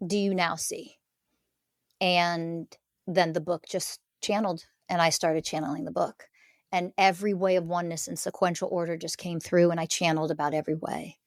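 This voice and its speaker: A woman's voice: lowish voice, little pitch movement, brisk, dry recording, studio quality. A middle-aged woman speaking earnestly as a podcast guest, making emphatic declarations about her spiritual teaching. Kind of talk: conversational interview.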